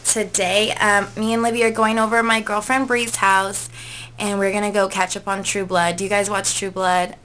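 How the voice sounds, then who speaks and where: A woman's voice: medium pitch, sharp tone, a little hiss or hum. A woman in her twenties, a vlogger, chatting casually through tag questions in a gushing way, full of "like" and "um". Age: 20s.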